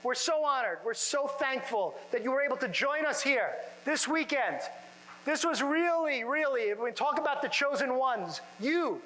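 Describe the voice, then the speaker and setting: A man speaking to chiropractors at a seminar in a conference room, energetic and full of rhetorical questions to the audience. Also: very high-pitched, long reverb tail, rough recording. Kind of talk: motivational seminar talk.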